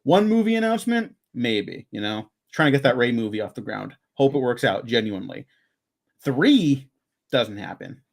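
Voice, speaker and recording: A man's voice: mid-range voice, sing-song, normal speed, creaky. A young man co-hosting a movie podcast, laid-back and chuckling. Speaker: podcast co-host. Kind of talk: casual movie commentary chat.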